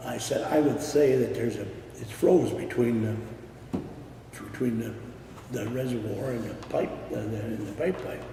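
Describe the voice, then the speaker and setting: An older man from Michigan spins his stories bluntly, cursing freely. His voice is mellow and unhurried. It comes from a distance, with a long ring of room echo and faint hiss behind it. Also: mid-range voice. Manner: salty storytelling with swearing. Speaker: retired railroad worker. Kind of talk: oral history interview.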